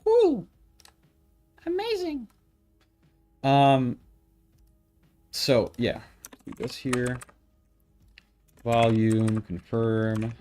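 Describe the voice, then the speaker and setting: A man's voice: medium pitch, little pitch movement, very slow, pauses often, darkish tone. A man talking to himself as he codes, muttering, swearing and grumbling in exasperation. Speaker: programmer streaming his work. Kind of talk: casual talk-aloud coding session. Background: keyboard typing and faint music.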